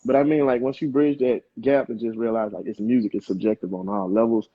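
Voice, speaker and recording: Laid-back man in his 20s from Mississippi, husky, dull lo-fi stream sound. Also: medium pitch, fairly even intonation, fairly quick. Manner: laid-back, loose, lots of "you know what I'm saying". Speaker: rapper guest. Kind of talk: casual interview chat.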